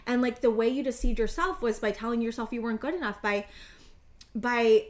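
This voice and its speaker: A woman in her thirties speaks in a slightly high voice as she gives a heartfelt tarot reading. She is earnest and teary and stumbles over her words, circling back and restarting her sentences as she goes. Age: 30s. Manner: earnest, halting, many restarts and fillers. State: tearful, emotional. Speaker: tarot reader. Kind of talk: emotional intuitive tarot reading.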